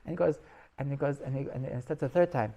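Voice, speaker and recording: Gravelly rabbi telling stories. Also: male voice, mid-range voice, fast, warm tone. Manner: rambling, repeats and restarts, laughs at his own stories. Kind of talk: storytelling Torah class.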